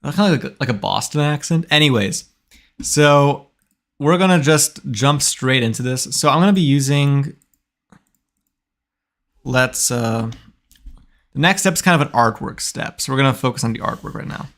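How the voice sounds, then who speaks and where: A man's voice: mid-range voice, expressive, moderate pace, pauses often, a bit bright. A young man in his twenties streaming his game development, talking casually and thinking aloud with frequent restarts. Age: 20s. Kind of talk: casual live-stream talk while coding.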